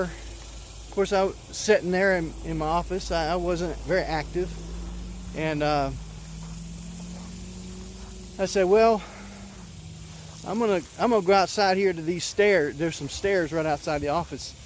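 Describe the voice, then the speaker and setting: A man in his thirties telling a personal story in a casual, halting way, with many fillers and restarts. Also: on the high side, slight background noise. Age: 30s.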